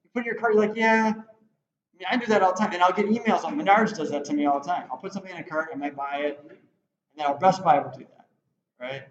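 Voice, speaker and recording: A man's voice: on the high side, fast, crowd noise. A man teaching a web design class in a rambling, conversational way, often acting out quoted lines. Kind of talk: classroom lecture. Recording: roomy, slightly dull classroom recording.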